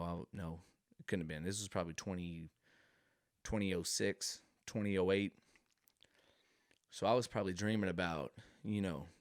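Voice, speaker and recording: A man's voice: fairly low pitch, dry recording, studio quality. A man hosting a podcast, telling a rambling comic story full of digressions and fillers. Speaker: podcast host. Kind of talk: comedic storytelling monologue.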